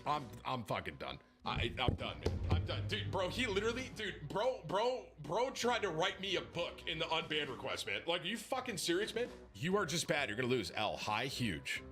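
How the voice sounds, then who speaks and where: A man's voice: high-pitched, fairly bright tone. A man live-streaming a game, reading viewers' messages aloud in a mocking way.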